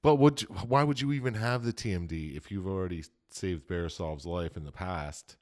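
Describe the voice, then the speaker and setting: Deep-voiced skeptical man. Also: normal speed, darkish tone. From United States. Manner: skeptical, blunt, swears. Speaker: podcast co-host. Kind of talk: casual gaming podcast chat.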